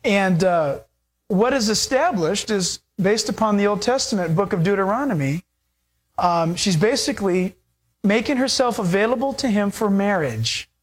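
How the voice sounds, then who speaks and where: A preacher with a mid-pitched voice retells a scripture story in a loose, conversational way. The delivery is animated and full of everyday fillers. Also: normal speed. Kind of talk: sermon storytelling.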